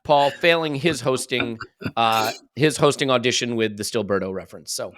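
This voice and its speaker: A man's voice: mid-range voice, normal speed, a bit bright, no room sound, studio quality. Chatty American man hosting a podcast. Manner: chatty, rambling with self-deprecating asides. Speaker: podcast host. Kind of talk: casual podcast chat.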